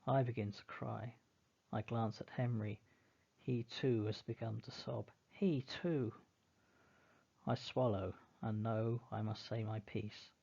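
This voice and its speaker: Man reading a story really slowly, gravelly voice, dull lo-fi sound. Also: lowish voice, fairly even intonation, dark tone. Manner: slow, measured, mournful reading. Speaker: narrator. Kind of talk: first-person storybook reading.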